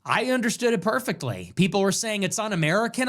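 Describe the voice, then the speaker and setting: A man's voice: high-pitched, very animated, fast, a bit bright. A young man hosting his own livestream, ranting and joking sarcastically about the news. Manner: mocking, joking, rants. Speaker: political streamer host.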